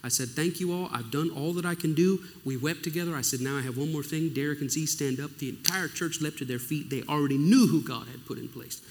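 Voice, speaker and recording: A man's voice: a little high, a little fast, few pauses. A middle-aged male pastor telling his story in a sermon, with emotional storytelling and acted-out dialogue. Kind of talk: sermon testimony. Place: church or conference hall. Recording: long reverb of a large hall.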